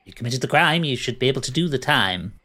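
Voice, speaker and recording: A man's voice: mid-range voice, expressive, fast talker, sharp tone. A man playing a jailer in a tabletop game, smug and matter-of-fact with some stumbling. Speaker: game master. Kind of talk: in-character tabletop role-play.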